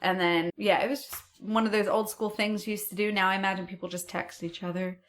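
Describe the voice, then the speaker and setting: A woman's voice: mid-range voice, fast talker, faint music behind. Woman co-host telling a story casually. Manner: animated, acts out quotes, swears casually. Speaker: podcast co-host.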